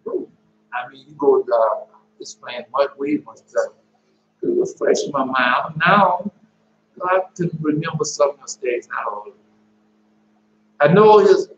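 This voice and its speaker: A man recounting his dreams in a casual, rambling way, halting often and repeating and correcting himself as he goes. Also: a little high. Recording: roomy, dull lo-fi with faint hum.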